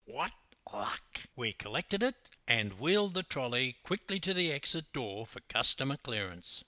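A man's voice: mid-range voice, very animated, a little slow, pushed and bright, no room sound. An older man with an Australian accent, a swimming coach telling a story with wry humor. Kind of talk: storytelling narration.

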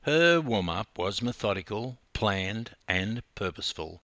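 A man's voice: lowish voice, measured pace, no echo. Man, coach-narrator, dramatic memoir delivery, dry close sound. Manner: animated, dramatic retelling that rises in intensity. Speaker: swimming coach.

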